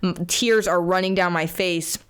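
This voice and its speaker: A young adult woman, co-host of a podcast, telling a story in casual chat, animated and swearing freely. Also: on the low side, unhurried, smooth.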